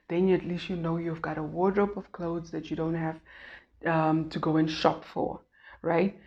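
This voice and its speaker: A woman's voice: fairly low pitch, darkish tone. A woman talking earnestly and emotionally in a casual vlog, often restarting and repeating words. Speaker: vlogger. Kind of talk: casual weight-loss vlog. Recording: dull lo-fi recording.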